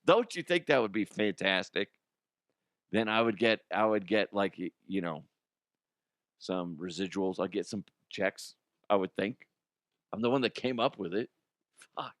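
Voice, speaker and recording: A man's voice: medium pitch, unhurried, pushed and bright, no echo, studio quality. A man hosting a comedic sports talk show, rambling and profane, slipping into mock impressions.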